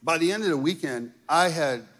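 Casual preacher in a reverberant hall. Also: male voice, a little high, lively intonation, a little fast, a bit bright. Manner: conversational preaching with frequent rhetorical "right?" and "okay?". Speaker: pastor. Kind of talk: sermon.

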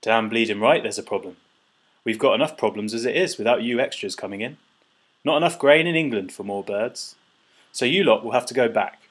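Pompous sneering seagull boss, overfed and loud, read by a man with a husky voice. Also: medium pitch, a little fast, close to an everyday voice. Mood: blustering. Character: pompous overfed male seagull border chief.

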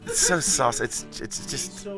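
Man doing a put-on English accent: flamboyant, pompous author, slightly high, very animated. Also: a little slow, over music, exaggerated voice. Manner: theatrical, calls people darling.

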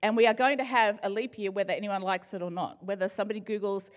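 A woman's voice: medium pitch, steady tone, quick pace. A middle-aged woman giving a conversational sermon, playful and joking as she talks straight to the congregation. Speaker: church speaker.

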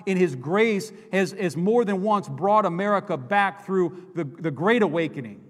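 A man's voice: high-pitched, animated, normal speed. A male pastor preaching an impassioned sermon, repeating and restarting phrases as he builds his points. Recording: long hall reverb.

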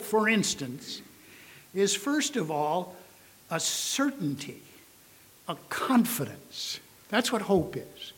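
A man preaching a sermon in a slow, emphatic way, with pauses and fillers. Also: a little high, a bit bright.

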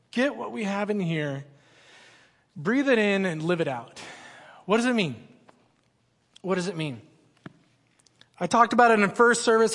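A man's voice: very high-pitched, a bit bright. A man preaching a sermon as a student pastor, joking and conversational with the congregation in a large church. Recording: long hall reverb.

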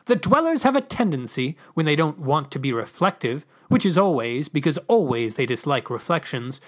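A podcast reader voicing a fussy male alien ambassador in a high, theatrical, drawn-out voice. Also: big pitch swings. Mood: lecturing. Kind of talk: podcast story reading.

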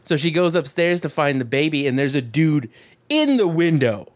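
A man co-hosting a casual chat, recapping a film with swearing, jokes and quick acted-out voices. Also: fairly high pitch, very animated. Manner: profane, jokey, acts out quick voices mid-recap. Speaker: podcast co-host.

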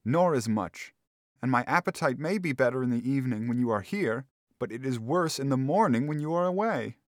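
A man's voice: mid-range voice, expressive, a little fast, dry recording, clean studio sound, pitched above the performer's own voice, lightly acted. A man voicing an anxious, confined young wife who speaks plaintively and gloomily.

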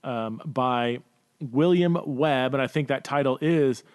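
A man's voice: medium pitch, takes it slowly, smooth, no room sound, studio quality. A man hosting a Q&A podcast, thinking aloud with lots of fillers and restarts and stumbling over words. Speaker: podcast host. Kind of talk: casual Q&A podcast talk.

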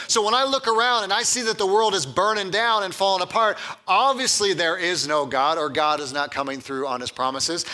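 This is a man's slightly high voice as he preaches a sermon. He's a pastor with an animated, chatty delivery who repeats himself often and sprinkles in humor.

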